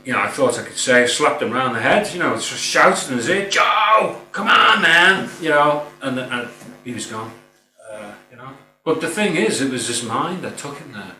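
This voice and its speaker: Speaking in a mid-range, bright, and forceful voice, this middle-aged man offers an informal, heartfelt spiritual reflection. He wanders a bit and leans on "you know," and the audio sounds roomy and distant, with a slight hum.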